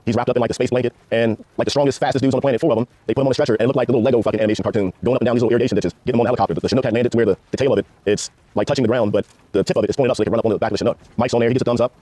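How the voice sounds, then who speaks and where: A man's voice: medium pitch, fairly even intonation, warm tone, dry recording. A man, a former Ranger telling war stories in a casual, profane interview. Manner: rapid, profane, laid-back war storytelling. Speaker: guest, former Army Ranger.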